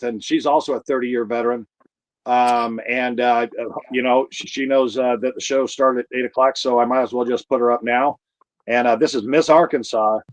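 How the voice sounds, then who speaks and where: Halting man hosting an online class. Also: medium pitch, dry recording, poor audio. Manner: halting, many ums and uhs. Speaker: host. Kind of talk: casual chat.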